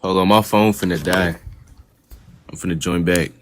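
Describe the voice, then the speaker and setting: Guy calling into a live stream, super deep voice, keeps repeating his point, kinda stubborn. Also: fairly even intonation, normal speed, a little hiss or hum. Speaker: guest caller on a live stream. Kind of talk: casual argument.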